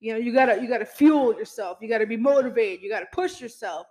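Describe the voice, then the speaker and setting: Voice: mid-range voice, fast talker, darkish tone, low-quality recording. A podcast host giving an emphatic motivational pep talk, addressing listeners directly as "y'all" and peppering the talk with "you know" and mild swearing. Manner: speaks straight to listeners as "y'all".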